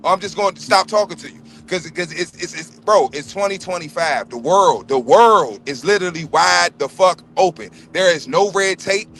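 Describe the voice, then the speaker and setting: A man's voice: sits high, animated, normal speed, few pauses, a bit bright, a little hiss or hum. A man on a livestream panel, giving a heated, profane, blunt rant and repeating himself for emphasis. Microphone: remote livestream call.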